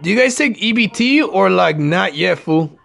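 A man's voice: high voice, lively intonation, moderate pace, creaky, a bit bright, heavily acted. A man voicing a slangy, street-talking boyfriend character during a comedy prank call, drawling through fillers. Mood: swaggering. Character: tough street-talking adult male boyfriend on the phone. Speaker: prank caller.

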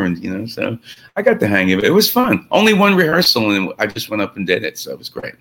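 A man's voice: on the low side, fast talker. A middle-aged man, a rock drummer telling stories in a casual interview and acting out the quoted lines. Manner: animated, acts out quotes in stories.

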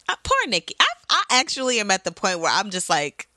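A young woman co-hosting a podcast in casual chat, expressive and profane with quick reactions. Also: mid-range voice, no echo. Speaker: podcast co-host.

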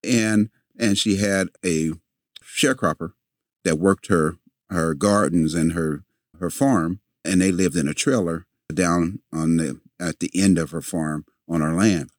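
A man guesting in a conversation, telling a story in an animated way, repeating words as he goes and acting out the lines of the people in it. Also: deep voice, unhurried, no echo, clean studio sound. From a city, with family in the American South.

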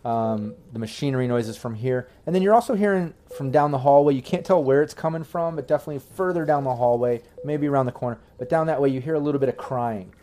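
A man narrating as game master in a tabletop role-playing game, rambling and filling pauses with "um" and "like" as he describes scenes. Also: mid-range voice, mellow, slight background noise. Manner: rambling, full of fillers and restarts.

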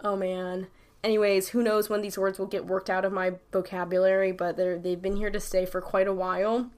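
A woman's voice: medium pitch, flat delivery, brisk, a little mellow. A young adult woman from New York with a New York accent, chatting casually to camera with rambling, slang-heavy talk full of "like" and "literally". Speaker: YouTuber.

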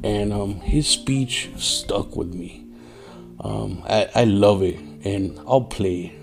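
With soft music playing behind him, a fairly low, creaky-voiced man takes his time hosting a solo podcast and seems tired. He swears, talks street, says "yo" often, and shouts in imitation of angry drivers.

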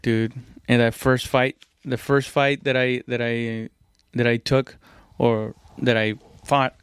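A man's voice: medium pitch, smooth, no echo. A young man casually telling a story about fighting, rambling and profane, with lots of restarts and fillers.

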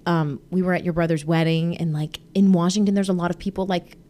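A woman in her thirties hosting a podcast, chatting casually with her husband, animated with frequent laughs and fillers. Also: fairly low pitch, a little fast. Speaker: podcast host.

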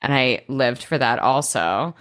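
Low-voiced woman in casual recap chat. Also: measured pace. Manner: animated, swears freely, acts out quotes. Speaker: podcast co-host.

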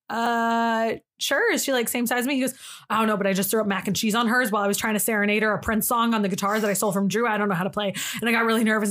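A young woman co-hosting a podcast, telling a story in casual chat, animated, laughing often and acting out the people in it. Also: on the high side. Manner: animated, laughing, acts out quoted voices. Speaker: podcast co-host.

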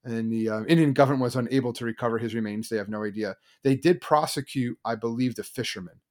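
Fast-talking man telling a story. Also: mid-range voice. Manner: fast, loose storytelling with many fillers. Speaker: podcast co-host. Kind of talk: casual chat.

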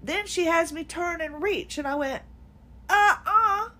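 A woman's voice: very high-pitched, normal speed, fairly bright tone. A woman podcast host telling a story in an exasperated, sarcastic way, with laughs mixed in. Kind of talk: casual personal venting monologue.

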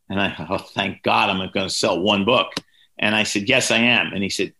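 A man in his sixties tells story after story as a podcast guest, his voice lowish but bright and forceful. He acts out the people in his anecdotes, jumping up in pitch for their lines. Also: fairly quick, gravelly. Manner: lively anecdotes, voices quoted people with big pitch jumps. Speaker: author and guest.

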